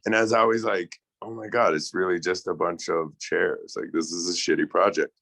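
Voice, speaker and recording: A man's voice: low-pitched, steady tone, moderate pace, vocal fry, a bit bright, no echo. A man co-hosting a podcast over a video call, talking in a loose, joking way with lots of fillers. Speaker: podcast co-host. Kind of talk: casual chat.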